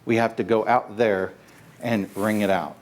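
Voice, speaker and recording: A middle-aged man giving a casual, halting sermon and prayer in church, joking with the congregation. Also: lowish voice, fairly even intonation, a little mellow. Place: church sanctuary.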